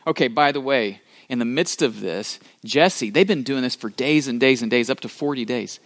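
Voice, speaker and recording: A man preaching a sermon as the pastor, telling the story with playful acted-out asides and shifting between loud and soft. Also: medium pitch, normal speed, dry recording, clean studio sound.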